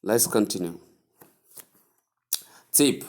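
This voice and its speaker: A man with a Nigerian English accent teaching word pronunciation, saying each word again and again in a drawn-out way. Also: mid-range voice, darkish tone. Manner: slow, repeats each word many times, drawn out. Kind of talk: spoken English pronunciation lesson.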